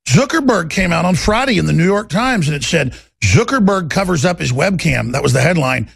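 A man hosting a talk show, ranting in a gravelly, raspy voice and mocking people with put-on voices. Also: on the high side, animated, fairly quick, no room sound, clean studio sound. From Texas.

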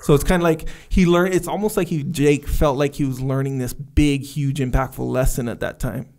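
A man's voice: medium pitch, moderate pace, creaky, a little hiss or hum. A man co-hosting a podcast, casually retelling movie scenes and acting out the characters' lines. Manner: animated storyteller, acts out movie lines. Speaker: co-host. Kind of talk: casual chat.

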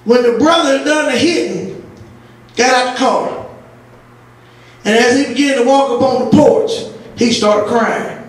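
A woman pastor preaching a sermon, telling stories with laughter and breaking into shouts. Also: high-pitched, measured pace, long pauses. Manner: storytelling with laughter, rising to shouts. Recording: echoey church audio from far off.

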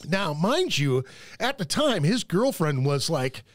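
A man hosting a podcast, telling stories in a loud, swearing, animated way. His voice sits fairly high and swings widely in pitch. The sound is dry and close. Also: slow, dry recording. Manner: animated, profane storytelling. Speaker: podcast host. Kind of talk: casual chat.

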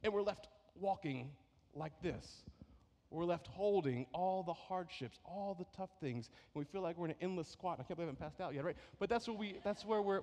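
Pastor preaching in an echoey hall. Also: male voice, high voice, a little mellow. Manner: conversational, keeps asking "right?". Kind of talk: sermon. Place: church sanctuary.

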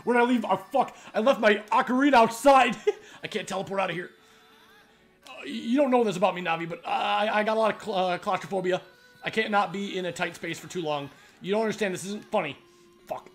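A gaming streamer doing excitable let's play commentary, swearing a lot and laughing loudly. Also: medium pitch, brisk, soft background music.

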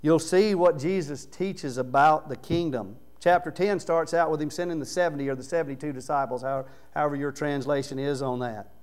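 Man preaching a sermon, low to loud. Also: steady tone, a little fast, hardly any pauses. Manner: conversational preaching, swings from low murmurs to loud raised emphasis. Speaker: pastor. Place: church sanctuary.

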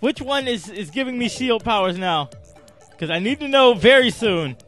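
A young man giving let's-play commentary, reacting out loud to a game with groans, cheers and sudden shouts. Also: normal speed, faint music behind. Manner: excitable, shouts and groans at the game, swings high and low. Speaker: gaming channel host.

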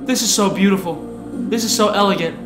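A young man giving casual reaction commentary, excitable and gushing, with slangy talk that swings from hushed to loud. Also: high-pitched, quick pace. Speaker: reaction video host. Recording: echoey room with music playing behind.

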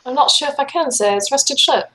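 A woman's voice: high-pitched, brisk, fairly bright tone, low-quality recording. A woman voicing an eager, loyal young female sidekick in an amateur fanfic read-aloud, earnest and polite. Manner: earnest, calls her boss sir.

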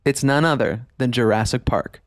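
A man's voice: mid-range voice, normal speed, noisy background. A man, hosting a nostalgic podcast monologue, enthusiastic and emphatic, laughing often as he talks. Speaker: podcast host.

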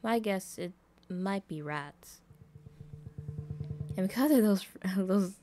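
A woman's voice: mid-range voice, slow pace, mellow, soft background music, lightly acted. A woman voicing a nervous, apologetic young male college student in a visual novel. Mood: tired. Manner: apologetic, flustered.

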